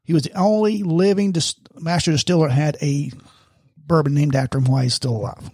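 A man's voice: fairly high pitch, fairly even intonation, a little fast, a little mellow, husky, no echo, studio quality. An older man co-hosting a casual podcast chat, talkative and teasing his friends. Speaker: podcast co-host.

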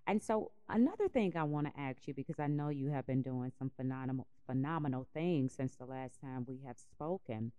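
Host: woman, very low warm voice, encouraging, dry sound. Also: a little fast, few pauses, clean tone, no room sound. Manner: encouraging, affirming. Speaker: interview host. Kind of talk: interview host questions.

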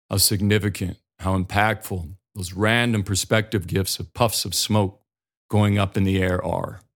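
A man hosting a podcast, talking in an earnest, reflective monologue with sudden lifts of emphasis. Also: fairly low pitch. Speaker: podcast host.

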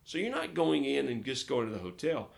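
A man from Arkansas, a pastor, telling lively stories in a casual interview and acting out the dialogue. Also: medium pitch, a little fast, creaky. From Arkansas, United States. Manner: lively storyteller who acts out dialogue.

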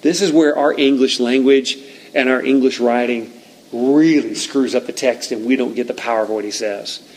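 Animated male preacher telling a story. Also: medium pitch, normal speed, low-quality recording. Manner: animated storytelling, frequent restarts. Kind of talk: sermon.

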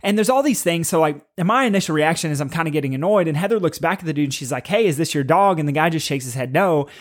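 A man's voice: a little high, lively intonation, racing. A man in his thirties hosting a podcast, telling a personal story in a candid, self-critical, rambling way. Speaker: podcast host, father. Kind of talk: casual storytelling monologue.

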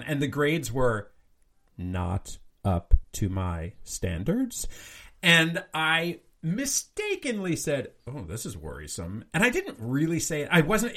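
A man co-hosting a podcast in casual chat, eager and laughing, quick to jump in. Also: medium pitch, a bit bright. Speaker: podcast co-host.

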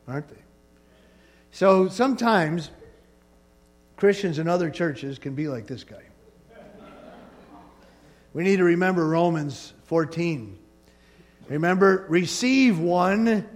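A male pastor preaches in a high, lively voice whose pitch rises and falls freely. His sermon is animated, playful and conversational, with jokes slipped in between points.

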